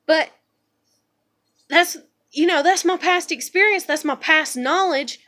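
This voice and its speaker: A woman's voice: high-pitched, measured pace, pauses often, sharp tone. A woman venting in a blunt, profane, rambling monologue at home, a mother and vlogger.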